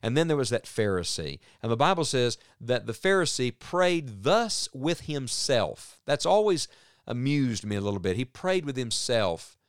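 A man's voice: mid-range voice, very animated, normal speed, clean tone, dry recording, clean studio sound. A man teaching from the Bible on a radio program, reading verses aloud and explaining them in an earnest, pastoral way. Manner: earnest, reads scripture aloud then explains it.

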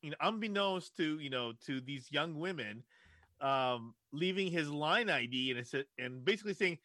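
A man co-hosting a casual podcast, explaining things in a halting way with frequent restarts. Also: fairly high pitch, expressive, pushed and bright, no room sound. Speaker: podcast co-host.

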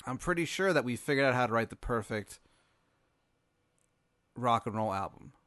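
A brash, friendly male alien pitching a scheme in a loud, higher voice that jumps around, as a man puts him on. He sounds pushy and chummy in a dry, close recording. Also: lively intonation, moderate pace, no room sound, lightly acted.

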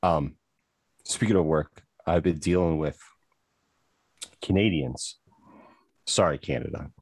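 A man's voice: low-pitched, a little mellow, no room sound. A man co-hosting a podcast, ranting with profanity and exasperation in casual chat. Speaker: podcast co-host.

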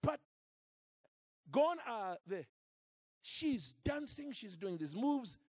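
A man preaching a sermon into a microphone in church, telling a story in a lively, acted-out way. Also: very high-pitched, takes it slowly, husky, no echo, clean studio sound. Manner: animated, acts out scenes and jokes with the crowd. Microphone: handheld or stand mic.

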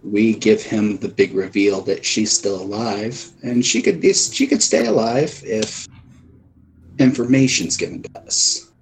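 A man playing a tabletop role-playing game over voice chat, talking in an animated way, sometimes dropping to a hush. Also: on the low side, measured pace, gravelly, rough recording. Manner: animated, hushed at times. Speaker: player.

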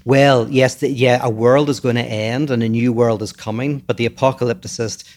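A man's voice: mid-range voice, fairly even intonation, moderate pace, darkish tone. Thoughtful Northern Irish man musing. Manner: thoughtful, lecturing, restarts mid-thought. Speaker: podcast co-host. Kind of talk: casual philosophical chat.

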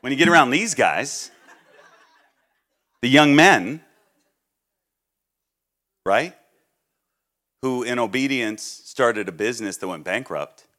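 A man preaching a sermon as a guest speaker, joking and acting out the people he quotes, then dropping low and quiet for serious points. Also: slow pace, long pauses. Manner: animated, jokey, acts out quoted people.

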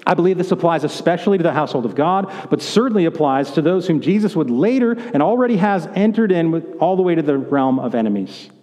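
A man's voice: a little high, lively intonation, quick pace, few pauses, darkish tone. A man preaching a sermon as pastor, conversational and joking, in a church sanctuary. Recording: echoey hall.

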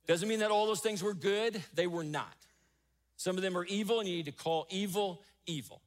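A man's voice: sits high, moderate pace. A man preaching a sermon as pastor, emphatic, rising and falling, repeating key phrases.

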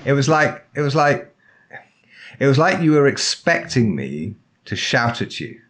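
A man with an English accent hosting an interview, measured and often restarting phrases. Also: mid-range voice, big pitch swings, a bit bright. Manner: measured, restarts phrases, reads translations aloud carefully. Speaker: podcast host. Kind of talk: conversational interview.

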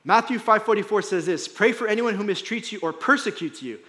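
A man's voice: high voice, a little fast, fairly bright tone. A male pastor giving a sermon in a conversational style, often checking in with "right?" and "like". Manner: conversational preaching with frequent "right?" and "like". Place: church hall.

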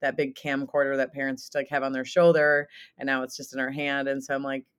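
Chatty energetic woman in her thirties. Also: extremely low pitch, quick pace, clear, resonant tone. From Southern Minnesota. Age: 30s. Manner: chatty and energetic, laughs often, many fillers. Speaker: guest. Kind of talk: casual podcast interview.

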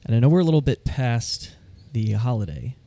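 Mellow-voiced man hosting a casual podcast. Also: medium pitch, brisk, dry recording. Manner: relaxed, jokey, reads labels aloud. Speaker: podcast co-host. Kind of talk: casual chat.

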